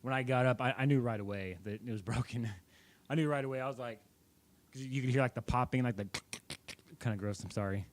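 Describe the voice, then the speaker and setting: A young man chats to the camera in a loose, rambling way, circling back and correcting himself as he goes. His voice sits at an ordinary middle pitch for a man. He sounds like a casual vlogger telling a story. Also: fast talker. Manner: rambling, self-correcting, chatty.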